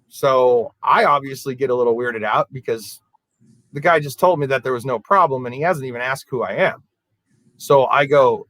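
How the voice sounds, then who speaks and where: A man, a podcast co-host, telling a story in a casual, animated way and acting out the people in it. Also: mid-range voice, moderate pace, dry recording, poor audio. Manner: animated, acts out quoted voices.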